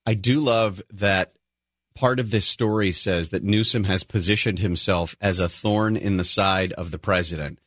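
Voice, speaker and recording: A man co-hosting a talk radio show, chatting casually and telling stories with sarcastic, animated flair. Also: low voice, normal speed, no room sound, clean studio sound. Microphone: studio microphone.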